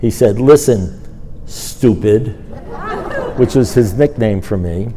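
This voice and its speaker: A man's voice: fairly low pitch, moderate pace, a crowd in the background. An older man speaking at a recovery meeting, telling a personal story and acting out the dialogue with his sponsor. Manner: storytelling, animated, acts out dialogue. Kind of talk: personal testimony talk.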